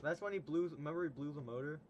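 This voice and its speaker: A man's voice: on the high side, quick pace, lo-fi sound, slight background noise. A young man hosting a casual livestream, chatting with a guest, laughing often and retelling stories. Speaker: stream host.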